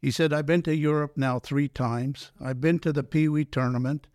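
An older man, a former pro hockey player telling animated stories in an interview, acting out quoted dialogue and often restarting his sentences. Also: a little high, normal speed, dry recording, clean studio sound. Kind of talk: storytelling in a podcast interview.

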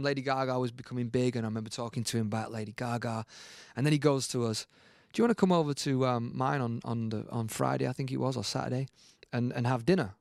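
A man, a guest musician, telling a story in a lively, casual way and acting out the quotes. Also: mid-range voice, creaky, dry recording, studio quality. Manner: animated storyteller, acts out quotes, many fillers.

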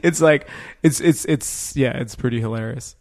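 A man co-hosting a podcast in casual chat, joking and swearing, quick to laugh. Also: medium pitch, darkish tone. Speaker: podcast co-host.

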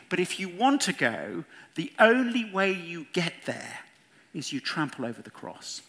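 A man preaching an evangelistic sermon, earnest and pleading, swinging from hushed words to loud ones. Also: a little high, big pitch swings, normal speed. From England. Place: church hall with audience.

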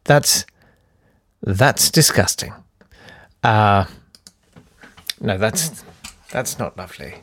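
A man voicing a gentle, fussy older presenter who coos slowly over photos. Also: fairly low pitch, animated, pitched below the performer's own voice, full character voice. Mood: cooing. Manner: slow, cooing, ponderous.

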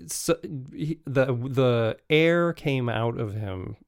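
Slow, smooth-voiced male storyteller. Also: medium pitch, animated, no echo, studio quality. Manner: halting, with restarts and chuckles. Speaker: podcast host. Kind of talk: casual travel storytelling.

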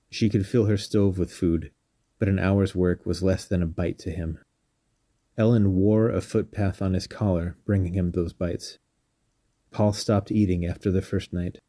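A man narrating a scripted story in a calm, measured reading. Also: low-pitched, no echo. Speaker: storyteller and podcast host.

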